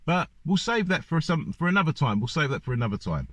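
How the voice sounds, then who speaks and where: A man's voice: fairly high pitch, very animated, fast talker, fairly bright tone, no room sound. A man ranting in a monologue to camera, firing off one rhetorical question after another. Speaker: vlogger. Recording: dull lo-fi dry recording.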